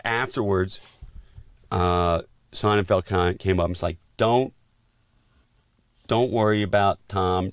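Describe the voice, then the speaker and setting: A middle-aged man telling a casual anecdote as a podcast guest, animated and acting out quoted lines. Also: sits low, no room sound. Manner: animated storyteller who acts out quotes and laughs often.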